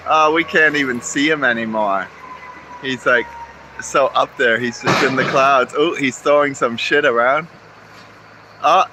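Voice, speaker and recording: A man's voice: mid-range voice, measured pace, sharp tone, slight background noise, rough recording. A man vlogging outdoors near a construction site, rambling wryly and cursing freely into a handheld camera. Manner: profane, rambling and wry. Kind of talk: casual rambling monologue to camera.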